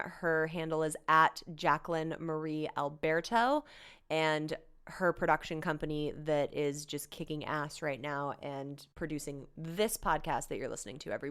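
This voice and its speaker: A woman's voice: low-pitched, a bit bright, clean tone. A young woman hosting a podcast, talking in a frank, emphatic way and swearing freely. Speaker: podcast host. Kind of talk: casual podcast talk.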